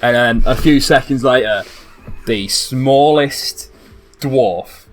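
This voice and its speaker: A man's voice: medium pitch, slow, soft background music. A man narrating a tabletop game as game master, rambling casually and swearing now and then.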